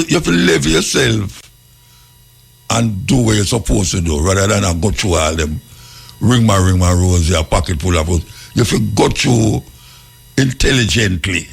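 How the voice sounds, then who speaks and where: A man's voice: on the low side, vocal fry, slightly rough. A man with a Jamaican accent hosting a call-in radio show, blunt and impatient with rambling callers. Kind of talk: casual call-in radio chat.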